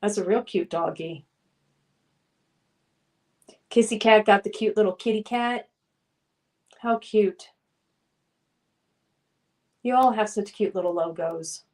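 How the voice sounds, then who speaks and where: Running a live-stream trivia quiz, this young woman has a medium, darkish voice and takes things slowly with frequent pauses. She is chatty and playful, calling out chat names and viewers' answers, at times sing-song.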